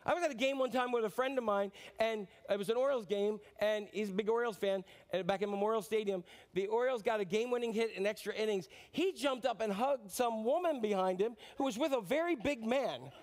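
High-voiced animated male pastor. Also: quick pace, few pauses. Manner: animated, rambling, self-mocking sermon with many restarts. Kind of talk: sermon.

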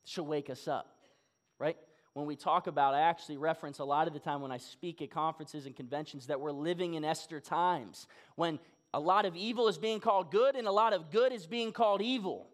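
A man's voice: a little high, fairly quick. A young adult man giving a sermon as a guest speaker, telling a Bible story and acting out its dialogue.

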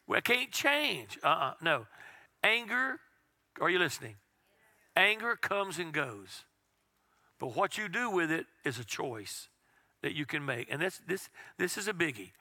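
A man's voice: a little high, very animated, unhurried, long pauses, sharp tone, dry recording, clean studio sound. A man preaching a conversational, folksy sermon as pastor, asking his listeners rhetorical questions. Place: church sanctuary.

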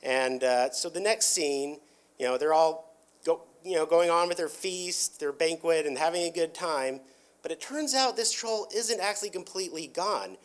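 A man's voice: on the high side, moderate pace. A man with a somewhat raised voice talks his way through a cartoon plot in a loose, casual way. He rambles, leans on filler words and often restarts his sentences. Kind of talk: casual retelling of a cartoon episode.

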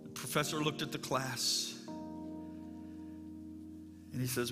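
A man's voice: medium pitch, steady tone, takes it slowly, pauses often. A male pastor preaching a sermon in an earnest, storytelling manner that turns heartfelt. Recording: long reverb, instrumental music behind.

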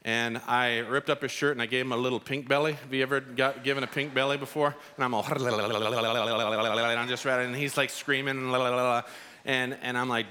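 A male pastor delivering a sermon, with lively storytelling that swings up to emphatic, insistent peaks. His voice is bright and forward, and he keeps a mid-range pitch. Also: brisk, smooth.

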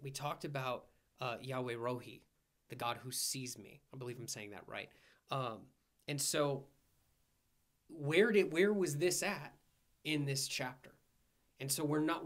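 A man co-hosting a church Bible study, reading scripture aloud and explaining it in a thoughtful, conversational way. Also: on the high side.

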